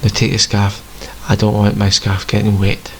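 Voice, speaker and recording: A man voicing the gentle, reassuring ghost of an old grandfather living in a snowman, in a spoken story. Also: fairly low pitch, completely flat delivery, normal speed, a little hiss or hum, lightly acted, rough recording.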